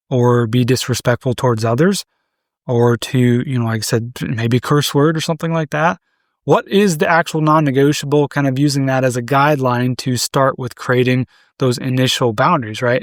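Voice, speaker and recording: A man's voice: mid-range voice, no echo, studio quality. A man in his thirties hosting a podcast alone, talking in a loose, conversational way, often checking in with "right?" and restarting phrases. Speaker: podcast host. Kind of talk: solo podcast monologue.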